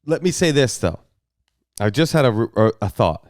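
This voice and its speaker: Man podcast co-host, blunt, swears a lot, rants, animated pitch, dry sound. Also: moderate pace, dry recording. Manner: blunt, profane, jumps into excited rants. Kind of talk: casual chat.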